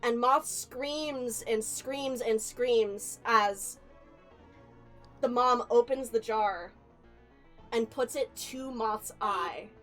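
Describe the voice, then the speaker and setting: A woman narrating a spooky tabletop game as game master, telling it slowly and deliberately with suspenseful pauses. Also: fairly high pitch, fairly bright tone. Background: faint background music.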